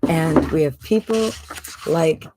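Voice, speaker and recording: A woman from Canada with a low, deep voice makes a casual sales pitch. She talks in a chatty, persuasive way and keeps asking the listener rhetorical questions. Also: slow, heavy background noise. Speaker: online business promoter.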